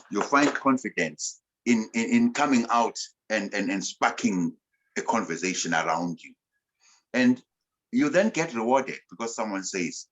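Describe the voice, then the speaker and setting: A very low-voiced man with a South African accent, giving a motivational talk over a video call. He speaks emphatically, with a voice that swings between bursts of volume and quiet asides. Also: slightly rough, rough recording.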